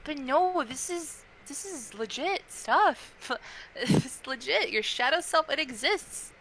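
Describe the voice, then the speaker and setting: Bright-voiced young woman telling a story. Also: sits high, takes it slowly, a little hiss or hum, poor audio. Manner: animated, chatty, many fillers and restarts. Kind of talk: casual storytelling chat.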